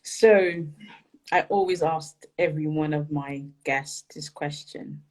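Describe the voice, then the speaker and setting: A podcast host interviewing a guest, speaking in a gentle, grateful, unhurried way. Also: mid-range voice, poor audio. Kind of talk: interview conversation.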